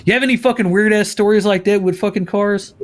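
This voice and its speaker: A man's voice: high voice, fast talker. A man hosting a podcast, telling a story casually with constant swearing and laughter. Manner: profane, laughing, animated storyteller. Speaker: podcast host.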